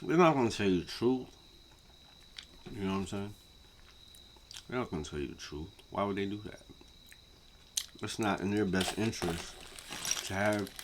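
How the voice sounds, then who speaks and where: Man, vlog rant, swearing, repeats himself, lively swooping pitch, faint crickets behind. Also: noisy background. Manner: profane, repetitive, swings from muttering to yelling. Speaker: vlogger. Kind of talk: casual rant to camera.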